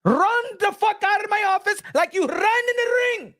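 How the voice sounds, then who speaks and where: A man's voice: very high-pitched, animated, moderate pace, pitched above the performer's own voice, heavily acted. A man impersonating a ranting boxing promoter. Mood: furious. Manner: shouting, swearing, scolding. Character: furious rich male boxing promoter, berating a fighter.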